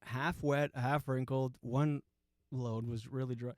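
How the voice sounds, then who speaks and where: A man's voice: medium pitch, fairly even intonation, slow, darkish tone, no echo, clean studio sound. A man in his forties hosts a comedy show and tells rambling stories, laughing as he goes. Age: 40s. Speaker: host. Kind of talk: comedic storytelling chat.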